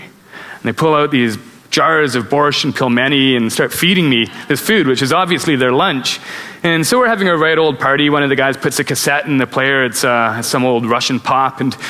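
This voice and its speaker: A middle-aged man with a bright, forceful voice tells travel stories from a conference stage, animated and quick to chuckle. His voice carries a long auditorium reverb. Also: mid-range voice. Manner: animated storyteller, chuckles at his own tales. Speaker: conference speaker. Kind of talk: storytelling talk on stage.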